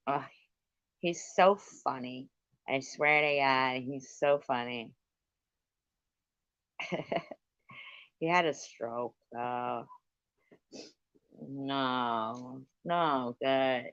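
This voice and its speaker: Low-voiced woman rambling through a story. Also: fairly bright tone, dry recording, dull audio. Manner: rambling, swears freely, laughs often, thanks viewers. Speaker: livestream host. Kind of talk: casual storytelling chat.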